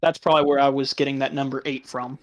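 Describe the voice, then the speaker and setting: A man's voice: mid-range voice, level tone, fast talker, dull audio. A man chatting casually, laughing often through crude, sarcastic remarks. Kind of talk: casual chat.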